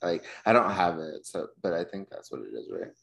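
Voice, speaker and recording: A male podcast co-host with a very deep voice, talking in a relaxed, offhand way. He swears casually, leans on fillers and keeps the conversation moving. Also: brisk, creaky. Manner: laid-back, swears, steers the topics. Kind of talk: casual chat.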